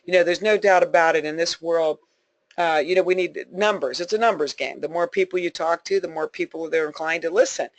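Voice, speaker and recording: A woman's voice: on the low side, brisk, dry recording. Emphatic woman giving a motivational call talk. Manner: folksy, emphatic, repeats for emphasis, laughs often. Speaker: sales team leader.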